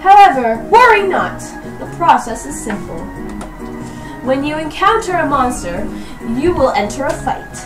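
A woman voicing a kindly motherly female monster guide in a let's play, with a put-on accent and gentle formal speech. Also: high-pitched, sing-song, very fast, few pauses. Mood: instructing. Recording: roomy, distant mic, background music.

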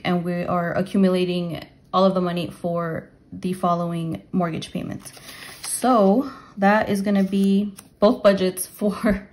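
A young adult woman talking casually to her viewers about her family budget, rambling with fillers, then counting cash aloud in a steady rhythm. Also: medium pitch. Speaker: budgeting vlogger. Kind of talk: casual talk to camera while counting cash.

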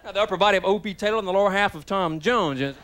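A man's voice: high-pitched, rapid-fire, a bit bright, slight background noise. A man doing stand-up comedy as emcee in a club, telling folksy stories about his father.

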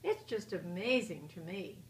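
A woman's voice: lowish voice, expressive, a little slow, roomy sound, distant mic, slight background noise. A woman voicing a patient, bemused father bear while reading a picture book aloud.

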